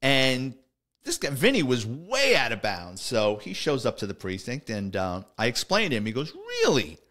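A man's voice: medium pitch, very animated, moderate pace, bright, forceful tone. A middle-aged man, a retired police officer, telling stories in a casual, conversational way, full of "he goes" and "I says". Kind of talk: casual storytelling podcast.

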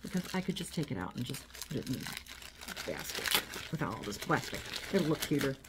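A woman's voice: very deep voice, very animated, fairly quick, heavy background noise. A woman chatting casually as she unboxes and shows a haul of small items at home, rambling as she goes. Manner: chatty, rambling, talks while handling items. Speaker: vlogger. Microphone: phone. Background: crinkling packaging.

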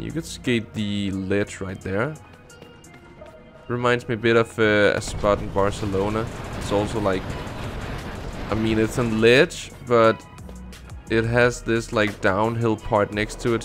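A man hosting a gaming channel, giving casual commentary and thinking aloud as he plays, with faint background music. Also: medium pitch. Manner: relaxed, thinking aloud while playing.

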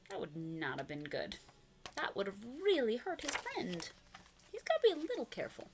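Lively woman reading aloud to preschoolers. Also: mid-range voice, normal speed. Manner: animated, asks the child questions, makes animal noises. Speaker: children's storyteller.

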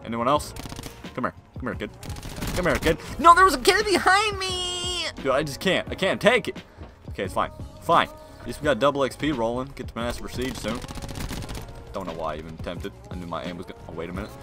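Excitable young man gaming, lively voice. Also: mid-range voice, fast talker. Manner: excitable, slangy, mutters then yells at the game. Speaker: gaming video creator. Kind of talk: live gameplay commentary. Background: game music and gunfire.

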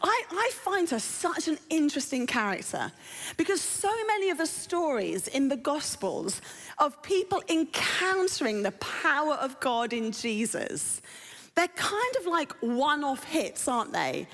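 A woman's voice: sits high, big pitch swings, measured pace, fairly bright tone. A woman preaching a sermon in a conversational way, often putting questions to the congregation. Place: church auditorium. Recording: reverberant church hall.

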